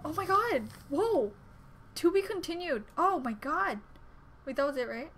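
A young woman hosting a reaction video, chatting and gasping with excitement as she comments on what she watches. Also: sits high, measured pace, a little hiss or hum.

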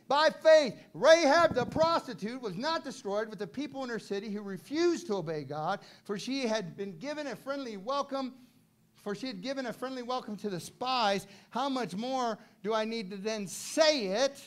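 High-voiced man preaching with big swings. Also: moderate pace. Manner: animated preaching, swinging from soft asides to shouting. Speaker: pastor. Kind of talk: sermon. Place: church sanctuary.

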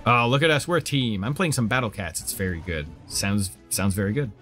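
A man's voice: lowish voice, fairly quick, sharp tone, soft background music. A man streaming gameplay and riffing with sarcastic jokes. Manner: joking and sarcastic. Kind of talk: casual gameplay commentary.

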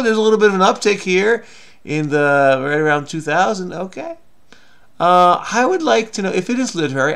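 A man's voice: a little high, creaky, a bit bright. A man hosting a crossword video, talking through his solve in a rambling, self-mocking, chatty way. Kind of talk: casual solo commentary while solving.

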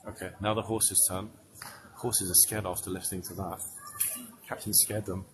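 A man's voice: deep voice, little pitch movement, normal speed, background noise. A man working as a tour guide, giving chatty, joking live commentary to a group outdoors. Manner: joking, chatty, addresses the crowd. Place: outdoors at a ceremony. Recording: outdoor crowd ambience.

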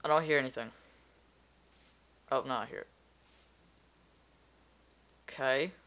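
A man's voice: mid-range voice, measured pace, bright, forceful tone. A man giving casual gameplay commentary, rambling and easily distracted, talking to himself as he plays. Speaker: gamer.

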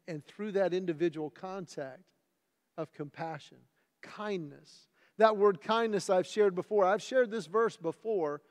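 A man preaching as pastor, earnest, moving between loud emphatic scripture reading and hushed, tender asides. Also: sits high, long reverb tail. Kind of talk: sermon. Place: church sanctuary.

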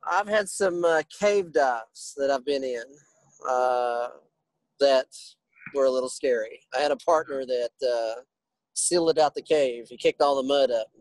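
A man who is a guest on a casual podcast, talking in a relaxed way with many hesitant pauses. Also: medium pitch, no echo, low-quality recording.

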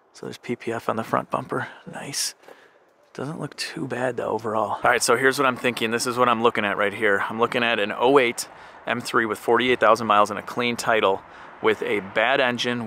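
Man, gravelly voice, bright tone, casual walkaround commentary, thinks aloud. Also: medium pitch, slight background noise. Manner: chatty, thinks aloud while inspecting. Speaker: car flipper vlogger.

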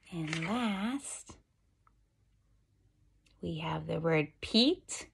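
A woman's voice: medium pitch, lively intonation. A woman teacher giving a phonics lesson to young children. She tells it as a story and draws out the letter sounds. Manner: slow, sing-song storytelling with drawn-out sounds.

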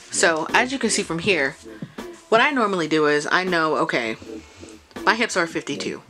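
A woman with a notably low voice walks through a sewing how-to in a relaxed, chatty way. She thinks aloud and restarts her sentences, and clearly audible mellow music plays under her talk. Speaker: sewing vlogger. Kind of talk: casual how-to explanation. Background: chill background music.

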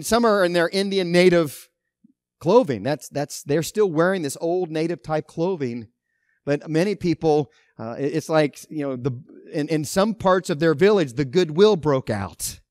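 A man pastor preaching a sermon, emphatic, with loud stresses and quiet asides. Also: fairly high pitch, moderate pace, no echo.

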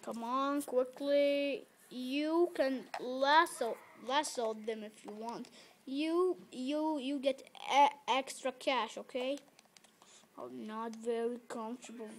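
High halting voice. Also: a little hiss or hum. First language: Arabic. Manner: halting, repeats words, scolds the game animals loudly. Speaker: gameplay video maker. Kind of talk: casual gameplay commentary. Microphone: phone camera held between the knees.

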